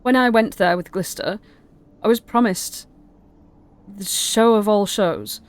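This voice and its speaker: A woman's voice: medium pitch, close to an everyday voice. A woman voicing a remorseful young woman who stammers through earnest apologies. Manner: stammering, halting.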